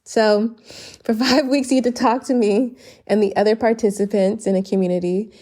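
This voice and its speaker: A woman hosts her own solo podcast in an earnest, grateful monologue. Her voice sits at a middling pitch, and she drops short laughs between sentences. She sounds a little choked up as she talks. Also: steady tone, normal speed, warm tone. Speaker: podcast host. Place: lives abroad, based in Barcelona.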